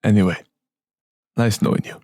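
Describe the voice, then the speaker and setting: A man's voice: normal speed, a little mellow, no room sound, clean studio sound. A man playing a tabletop game, speaking earnestly and a little hesitantly in character. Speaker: player. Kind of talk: tabletop role-play.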